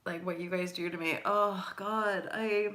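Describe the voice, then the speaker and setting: A woman's voice: on the low side, steady tone, measured pace, a bit bright. A woman hosting a casual live stream with tarot readings, rambling and chatty, swearing lightly and laughing often. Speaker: host doing live intuitive tarot readings.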